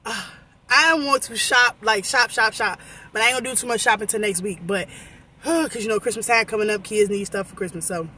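A woman's voice: mid-range voice, a little fast, slight background noise. Giddy rambling woman vlogging from her car. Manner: excited, rambling, talks straight to viewers. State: losing her voice. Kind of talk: casual vlog chat to camera. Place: in a car in a shopping center lot. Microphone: phone camera held by hand.

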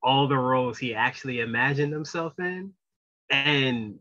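A man co-hosting a casual movie podcast, talking emphatically and rambling with restarts before trailing off quietly. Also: medium pitch, normal speed. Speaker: podcast co-host. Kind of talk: casual chat. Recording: dull lo-fi sound.

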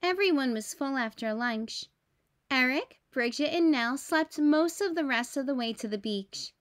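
A woman teacher reading a children's storybook aloud, clear and expressive. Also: high-pitched, measured pace.

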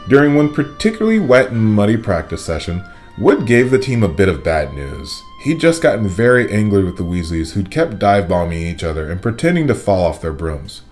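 Man, low voice, reads a kids' book aloud, animated delivery. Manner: lively, expressive narration. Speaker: reader. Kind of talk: storybook read-aloud.

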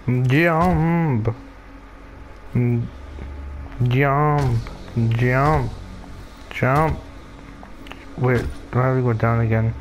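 A young man commenting on his own gameplay, mocking himself and swearing, with loud outbursts between slow muttering. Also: mid-range voice, slight background noise. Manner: self-mocking, swears often, bursts into loud shouts. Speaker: let's player.

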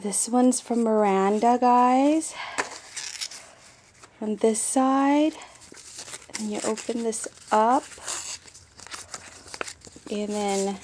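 A woman's voice: fairly high pitch, drawn-out words, pauses often, darkish tone, a little hiss or hum. A woman paper-craft vlogger in a casual show-and-tell video, gushing and talking straight to her viewers. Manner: gushing, repeats exclamations often.

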